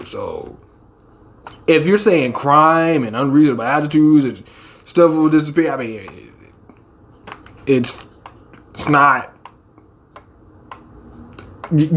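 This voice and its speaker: A man casually reacting to a manga chapter, swearing freely and hamming up the characters' lines in quick put-on voices. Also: a little high, a bit bright.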